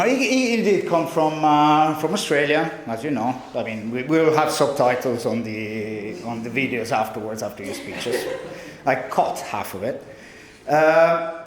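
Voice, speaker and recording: Italian man giving a best man speech. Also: a little high. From Italy. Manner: joking, teasing, hesitant with many fillers. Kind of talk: wedding speech. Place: large wedding reception room. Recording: very echoey hall with crowd. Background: guests laughing and murmuring.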